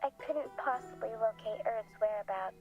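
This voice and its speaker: A woman voicing a soft, frail caller. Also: fairly high pitch, lo-fi sound, soft background music, close to an everyday voice. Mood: hushed. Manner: polite and measured. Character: frail, soft-spoken woman on the phone, polite.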